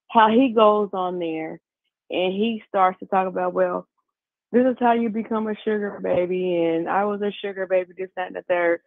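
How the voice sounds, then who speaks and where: A man's voice: high-pitched, gravelly, dry recording. A man calling in to a talk show, chatting and gossiping in a rambling way over the phone. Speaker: caller. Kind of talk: casual phone chat. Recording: tinny phone line.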